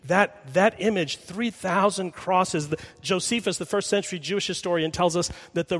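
A man preaching a sermon as pastor in a church, telling a story with rhetorical questions. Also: sits high. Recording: long hall reverb.

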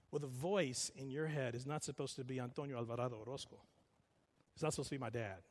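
A man preaching a sermon as a pastor, telling stories with animated, repetitive emphasis. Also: medium pitch, fast talker, big-room sound.

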